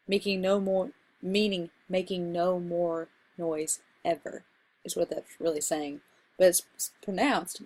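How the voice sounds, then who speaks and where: Woman instructor, upbeat chatty lecture delivery, mid-pitched everyday voice. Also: a little slow, fairly bright tone. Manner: chatty, enthusiastic about terms. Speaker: college instructor. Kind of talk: recorded slide lecture.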